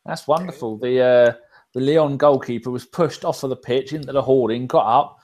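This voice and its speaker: A man from England hosts a loose live podcast, reading out viewer comments and reacting to them. His talk is full of swearing and blunt banter, and his pitch sits in the middle. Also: moderate pace, a little mellow. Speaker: podcast host. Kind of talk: casual live podcast chat.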